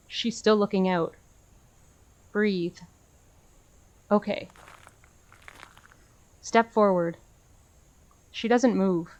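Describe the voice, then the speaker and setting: A woman streamer reading a visual novel aloud in an earnest, emotional way, breaking off to gush at the screen. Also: mid-range voice.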